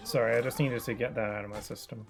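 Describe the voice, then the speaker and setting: A man's voice: medium pitch, fairly even intonation, fast, vocal fry. A man giving live commentary while streaming a game, joking and griping in a mock-dramatic, self-mocking way. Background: game music.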